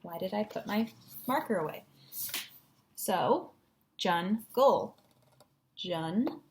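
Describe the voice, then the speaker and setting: A woman's voice: mid-range voice, big pitch swings, measured pace, darkish tone, slight background noise. A woman teacher giving a patient, encouraging phonics lesson at a whiteboard, sounding out syllables.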